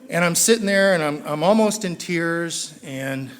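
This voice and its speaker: A middle-aged man with a Southern Californian accent, telling his recovery story at a meeting and acting out the people in it, rising loud and high when excited. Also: a little slow. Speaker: AA speaker.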